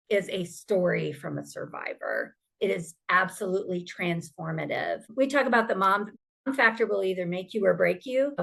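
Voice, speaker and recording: A woman's voice: medium pitch, gravelly. A woman speaking as a survivor advocate, giving an earnest, emphatic personal testimony.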